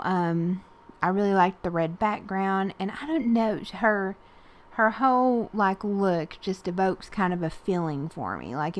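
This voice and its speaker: While making a collage art journal page, a Southern woman from Tennessee chats casually in a voice-over. She rambles with fillers and soft laughs in a mid-range voice.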